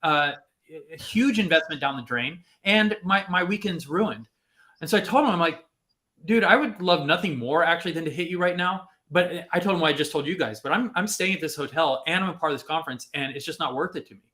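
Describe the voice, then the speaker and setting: A man on a podcast telling a personal story in a casual, animated way, acting out the people he quotes. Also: on the high side, fast. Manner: animated, acts out quotes with lots of fillers. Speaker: podcast host.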